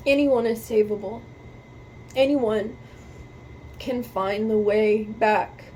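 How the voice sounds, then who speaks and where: Woman host, emotional and earnest, unhurried, warm higher voice, faint room hiss behind. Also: low-quality recording. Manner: earnest, emphatic, repeats phrases for stress. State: emotional, near tears. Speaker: music reaction video host. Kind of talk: heartfelt talk to camera about faith.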